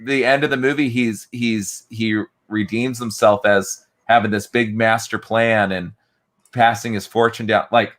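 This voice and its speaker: Joking man chatting on a podcast. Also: on the low side. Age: adult, father of kids. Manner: joking, animated, acts out quick impressions. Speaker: podcast co-host. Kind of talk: casual chat.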